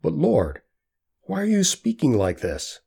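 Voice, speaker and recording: Impulsive male follower, anxious and pleading, husky voice pushed higher as a man puts him on. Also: huge pitch swings, a little slow, mellow, full character voice.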